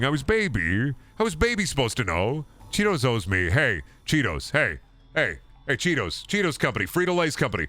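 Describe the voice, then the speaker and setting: A young man streaming a game, rambling in a self-mocking way and swinging into loud mock outrage. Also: mid-range voice, wildly swooping pitch, moderate pace. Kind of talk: casual gaming stream chatter.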